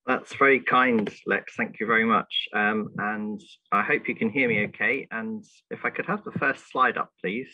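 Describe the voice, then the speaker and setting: A man from the UK gives a courteous, formal conference talk. His low voice is husky but forceful. It comes through dry and dull, like remote call audio. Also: steady tone, moderate pace, no echo. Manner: polite, formal, grateful. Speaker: guest speaker. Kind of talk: conference talk over video link.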